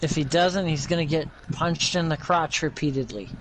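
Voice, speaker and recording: A man's voice: a little high, normal speed, background noise. A man giving joking, wry color commentary on a video game football match.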